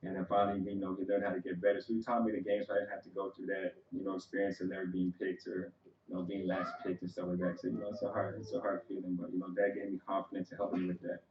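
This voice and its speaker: A man's voice: low voice, monotone, fast talker, roomy sound, dull audio, slight background noise. A man, a son, giving a conversational, story-filled eulogy for his father at a funeral. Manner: conversational and storytelling, with frequent "you know" asides. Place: church sanctuary.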